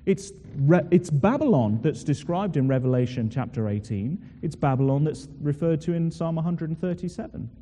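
A man delivers a sermon in a church, leaning on rhetorical questions and drawn-out emphatic phrases. His voice sits a little high yet sounds very dark and mellow. A long hall reverb trails each phrase. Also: lively intonation. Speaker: preacher.

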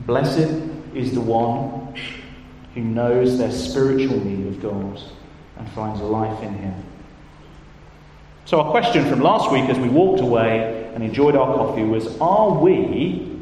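Guy giving a sermon, voice swooping up and down, slightly high, sounds far from the mic in a big echoey room. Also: animated, slow, a little mellow, slight background noise. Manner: emphatic, with rhetorical questions and repeated phrases. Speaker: preacher. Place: church or large hall. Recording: echoey hall from far off, faint ambience.

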